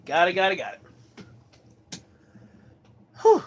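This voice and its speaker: A man's voice: high voice, wildly swooping pitch, slow, husky. A man from Colorado chatting casually as host of his livestream, rambling and laughing often. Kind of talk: casual chat.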